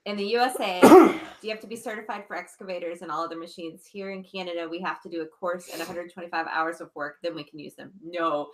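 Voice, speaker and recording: A woman's voice: fairly low pitch, fast talker. A woman co-hosting a casual live stream, reading viewer comments and giggling often. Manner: chatty, giggly.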